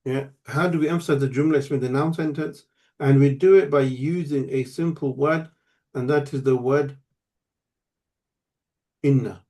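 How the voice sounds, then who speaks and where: A man leads an online grammar class over a computer mic. His voice is mellow and warm, sitting at an ordinary middle pitch. He explains patiently, step by step, and often stops to check that his student is following. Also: fairly even intonation, normal speed, pauses often. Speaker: Arabic teacher.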